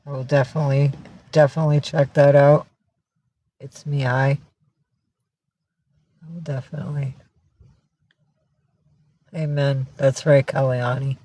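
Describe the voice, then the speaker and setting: Slow-talking teary woman livestreaming. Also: rumbling low, level tone. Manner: coos baby talk to her cat, softly. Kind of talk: casual livestream chat with viewers.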